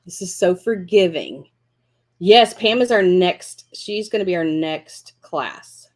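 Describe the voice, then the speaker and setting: A woman's voice: lowish voice, expressive, takes it slowly. A woman hosting a live crafting lesson, chatting encouragingly and thinking aloud as she works. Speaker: craft class host.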